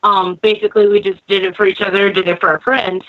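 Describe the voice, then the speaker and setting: A woman guest who reads tarot cards, talking in a relaxed, rambling way on a casual podcast. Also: mid-range voice, quick pace, no room sound. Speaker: guest, tarot card reader. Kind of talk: casual interview chat. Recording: dry, dull call audio.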